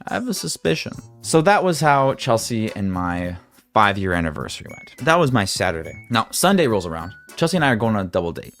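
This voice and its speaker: A young man excitedly telling a story-time vlog, swinging between loud outbursts and hushed asides, with some swearing and stammering. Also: lowish voice, a little fast, faint music behind.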